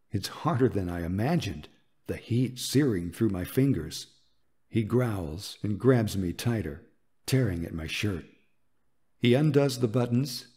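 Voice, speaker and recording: A man narrates a romance audiobook in a soft, intimate and unhurried way. His voice sits fairly low, and the tone is dark and mellow.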